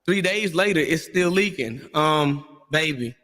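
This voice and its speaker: High bright-voiced guy on a panel, acts out all the quotes, big echoey room. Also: normal speed. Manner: animated storyteller, acts out quotes. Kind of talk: animated panel discussion.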